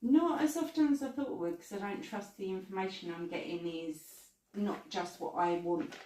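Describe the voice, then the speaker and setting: Soft-spoken woman answering a podcast host, a bit hesitant, echoey room, far from the mic, some noise behind. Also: medium pitch, moderate pace. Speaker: guest psychic medium. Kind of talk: interview answers.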